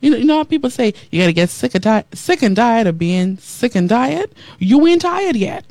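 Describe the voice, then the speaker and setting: Animated preacherly woman radio host. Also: a little high, fairly quick, dry recording. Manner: animated preacherly delivery, repeating phrases, reading comments aloud. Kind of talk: preaching talk show with listener texts.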